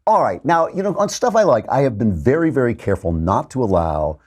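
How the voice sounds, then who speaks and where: A man's voice: mid-range voice, big pitch swings, brisk, darkish tone. A man in his sixties hosting a podcast, talking in a wry, chatty way with frequent fillers and restarts. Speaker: podcast host. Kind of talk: casual monologue with scripture reading.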